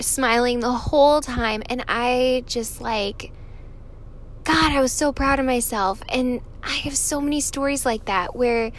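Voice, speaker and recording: A high-pitched woman in her thirties from California tells viewers a personal story in a chatty way. She swears freely and laughs often.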